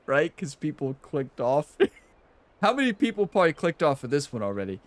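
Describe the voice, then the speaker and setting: A young man talks through a round of a golf video game as the host of his own channel. His voice sits a little higher than most men's, and he keeps chatting and laughing while swinging between frustration and excitement. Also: fairly quick, dry recording. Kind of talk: casual gameplay commentary.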